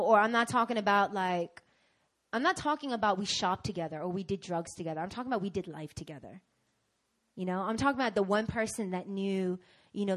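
Young woman, sermon testimony, animated storyteller with big swings from soft to loud. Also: mid-range voice. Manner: dramatic and animated, with sudden swings from hushed to loud. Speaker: preacher giving a testimony.

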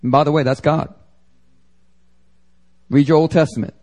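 A man's voice: a little high, fairly even intonation, moderate pace, darkish tone. Man from Philadelphia, pastor, lighter voice; punchy sermon delivery mixed with loose slangy banter to the congregation. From Philadelphia, United States. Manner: emphatic, conversational preaching with slang asides. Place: church service before a congregation.

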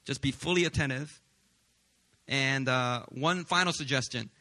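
A man in his thirties preaching a sermon as a pastor, telling lively, joking stories. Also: mid-range voice, measured pace. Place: church service.

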